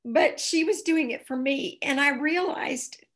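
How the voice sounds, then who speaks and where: A woman's voice: high-pitched, measured pace. Earnest woman telling anecdotes. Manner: earnest, animated anecdotes with acted quotes. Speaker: guest. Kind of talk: casual storytelling.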